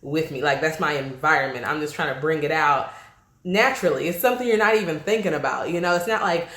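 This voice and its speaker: A chatty woman podcast host, from Nigeria and raised on the US East Coast, talking on her own in an easygoing way. Her voice sits a little low, and it carries the echo of a bare room. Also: fast, fairly bright tone. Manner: chatty, laughs often, asks listeners "okay?". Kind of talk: casual solo podcast talk.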